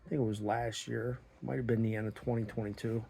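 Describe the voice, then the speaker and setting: A middle-aged man telling a story about his small business in a blunt, profane, animated way, acting out the dialogue. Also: on the low side, fast, vocal fry, breathy edge. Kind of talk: casual storytelling monologue.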